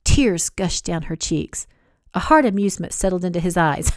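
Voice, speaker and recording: A woman, the author, reading her own romance novel aloud in an expressive, dramatic storytelling style. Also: on the low side, moderate pace, no echo, studio quality. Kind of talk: audiobook narration.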